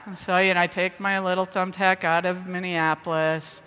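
A woman from the Midwest giving a lively storytelling talk to an audience. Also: lowish voice, moderate pace, clear, resonant tone. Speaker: speaker at a ministry event. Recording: reverberant hall.

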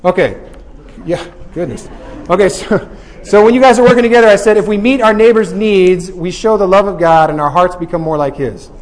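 Upbeat guy teaching a bible class, jokes around, keeps asking right?, slightly high voice. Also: a little fast, in a large hall. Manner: energetic, joking, asks "right?" often. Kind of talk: lively group Bible teaching.

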